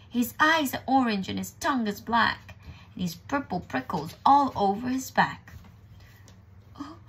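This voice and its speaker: A woman reading a children's story aloud in a hushed, expressive way, with some passages whispered. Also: medium pitch, slightly rough.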